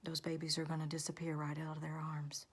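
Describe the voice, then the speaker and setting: A woman's voice: deep voice, completely flat delivery, fairly quick, slightly rough. A woman vlogger in her thirties or forties, earnestly delivering a religious warning, often half-whispering.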